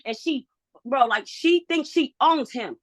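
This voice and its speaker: A woman's voice: sits high, animated, unhurried, dry recording, clean studio sound. A woman speaking as a mother in a court hearing, frustrated and pleading, from home over a video call. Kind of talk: emotional court testimony.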